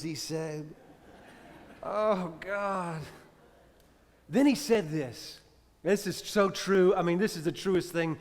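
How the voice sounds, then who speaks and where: Priest guy preaching, goes loud then real hushed, highish voice, big echoey church. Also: slow, pauses often. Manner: dramatic shifts from loud to hushed. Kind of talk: sermon storytelling. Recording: reverberant church hall.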